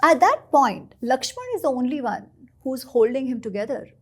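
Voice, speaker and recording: A woman, a guest author, telling stories in an animated and expressive way during an interview. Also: high-pitched, normal speed, breathy edge. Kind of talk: storytelling in a podcast interview.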